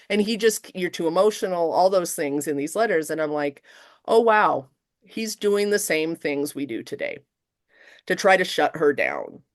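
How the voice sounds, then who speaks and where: A middle-aged woman professor chatting in an interview, lively and expressive, acting out quotes with big jumps in her voice. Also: measured pace, no echo, clean studio sound. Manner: animated, acts out quotes with big pitch jumps. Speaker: guest professor. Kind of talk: casual interview chat.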